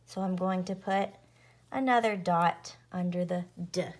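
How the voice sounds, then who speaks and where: A woman teaching a phonics lesson to young children, sounding out each letter slowly and clearly. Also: on the low side.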